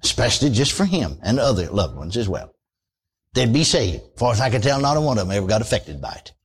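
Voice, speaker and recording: An older man preaching a radio sermon in a folksy, animated way, calling for amens. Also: on the low side, quick pace, slightly rough.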